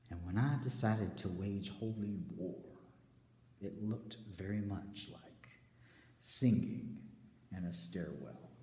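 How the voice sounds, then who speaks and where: A man giving a rambling spiritual confession, slipping between hushed whispers and loud declarations, recorded in a stairwell. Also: lowish voice, slow. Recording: echoey stairwell with long reverb.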